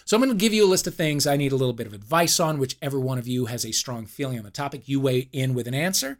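A man hosts a comedy podcast game show in a voice of middling pitch. He is playful and quick, dropping jokey asides and the occasional swear as he keeps the rounds moving. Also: expressive.

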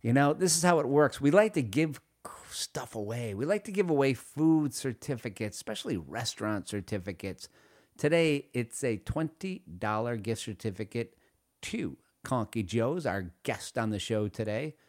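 A man hosting a food radio show, reading ads and joking in a playful, self-mocking way with sudden loud bursts. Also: mid-range voice, lively intonation, normal speed, no room sound, clean studio sound.

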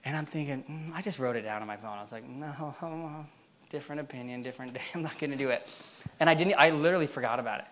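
A man's voice: mid-range voice, rapid-fire, a bit bright. Casual, chatty male pastor. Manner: casual storytelling, many fillers, laughs often. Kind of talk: sermon. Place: church.

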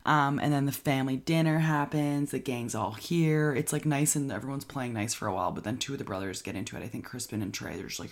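A person recapping a film's plot in casual, excited chat, full of "like" and quick acted-out lines from the characters. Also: medium pitch. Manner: chatty, filler-heavy with frequent "like", enthusiastic. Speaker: movie reviewer.

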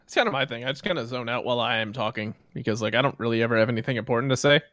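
A man co-hosting a podcast in casual chat, bantering with deadpan jokes. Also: medium pitch, very fast, dry recording, clean studio sound. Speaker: podcast co-host.

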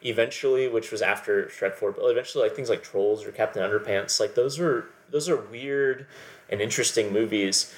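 A man's voice: lowish voice, brisk. A man co-hosting a podcast, analyzing films in a rambling casual way, peppering his talk with "like". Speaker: podcast co-host. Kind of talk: casual film discussion.

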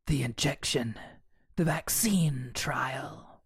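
A woman voicing a seductive, eerie male coronavirus in a slow, hushed whisper, as a whispered role-play reading. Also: extremely low pitch, slightly rough, no echo, clean studio sound, exaggerated voice.

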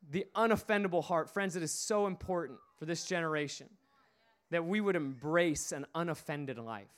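A man's voice: high-pitched, lively intonation, moderate pace, a bit bright. A man preaching a sermon, retelling a story emphatically with repeated phrases.

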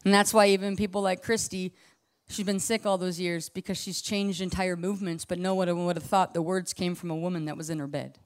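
Speaking fairly quickly in a lowish, steady voice, a woman delivers a casual yet impassioned sermon full of asides. Her volume shifts back and forth from hushed to loud.

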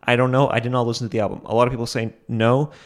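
A man's voice: medium pitch, flat delivery, rapid-fire. A young man hosting a solo podcast, rambling with many fillers and asides, self-deprecating, and chuckling often. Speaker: podcast host.

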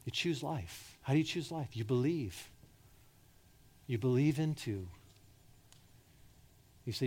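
A man preaching a sermon with passion. He swings between loud, urgent pleading and soft, hushed lines, and he repeats words when he presses a point. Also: mid-range voice, measured pace, pauses often, slightly rough. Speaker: pastor.

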